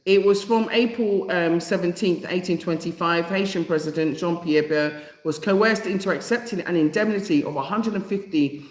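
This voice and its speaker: A woman hosting a live stream in a casual way. She reads from notes, restarts her sentences, giggles to herself now and then, and answers viewers' comments directly. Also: low-pitched. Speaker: livestream host. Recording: echoey room.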